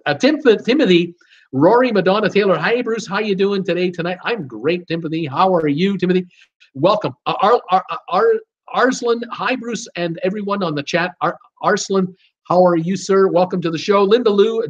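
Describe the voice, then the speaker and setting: A man hosting a live stream casually reads out viewer names and comments, stumbling over some of them. He's chatty and quick to laugh, with an animated, high-sitting voice at a moderate pace. The recording has its highs cut off.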